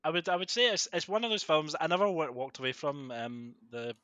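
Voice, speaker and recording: A young man, co-hosting a podcast, excitable and swearing freely in casual chat. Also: on the high side, fairly quick, clean tone, no room sound, muffled recording. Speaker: podcast co-host.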